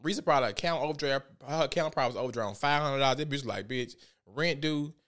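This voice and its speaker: A man giving casual commentary on a vlog, animated and profane as he tells a story. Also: medium pitch, rapid-fire. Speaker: vlogger.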